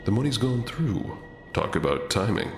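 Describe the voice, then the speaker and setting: An actor playing a cold, blank-faced male surgeon who speaks curtly and low. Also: sing-song, normal speed, echoey room, faint music behind. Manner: curt, low, detached. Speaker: doctor.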